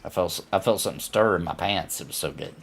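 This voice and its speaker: Low-ish guy streaming a game, chatty, laughing a lot, talking to chat. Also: fast, creaky, a bit bright, slightly rough. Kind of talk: live gameplay commentary.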